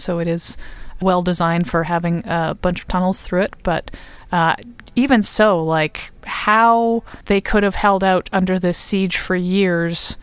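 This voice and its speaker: Woman rambling thru some history on a podcast, smooth clear voice, super dry close mic. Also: lowish voice, dry recording. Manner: explains at length with many ums and uhs. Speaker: podcast co-host. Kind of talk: casual history podcast chat.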